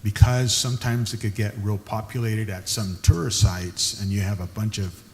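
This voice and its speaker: A man hosting a casual interview conversation, talking in a chatty way and describing himself as someone who can get loud. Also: on the low side, steady tone, normal speed, big-room sound, a little hiss or hum.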